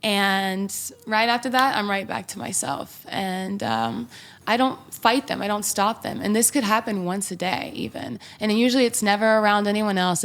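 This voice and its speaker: A woman's voice: mid-range voice, moderate pace, fairly bright tone. A young woman from Mississippi, a podcast guest, talking openly and reflectively in casual chat with filler words. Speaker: podcast guest, singer-songwriter.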